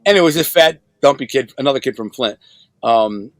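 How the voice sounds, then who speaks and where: A man's voice: medium pitch, animated, normal speed, no room sound. A middle-aged man from Michigan, a podcast guest, telling a story in casual, slangy speech and acting out what people said. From Michigan, United States. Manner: slangy, retells scenes by acting out quoted dialogue.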